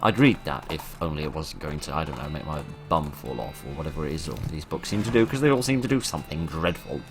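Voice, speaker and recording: A man's voice: rumbling low, expressive, quick pace, music in the background. A man hosting a let's play, wryly commenting and reading the game text aloud. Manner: wry, jokey asides.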